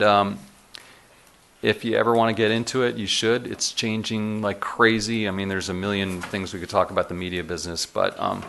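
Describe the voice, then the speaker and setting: A middle-aged man telling animated anecdotes to a live audience, often chuckling as he goes, then taking questions. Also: lowish voice, vocal fry. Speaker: speaker telling stories to an audience. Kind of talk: storytelling talk to a live audience. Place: lecture room with audience.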